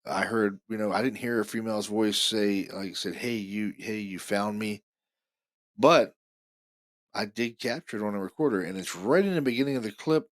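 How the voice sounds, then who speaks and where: A man's voice: lowish voice, moderate pace, no echo. Man, podcast host, eager, repetitive, casual commentary, dry close sound. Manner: eager, repeats himself a lot. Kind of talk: casual commentary on recorded evidence.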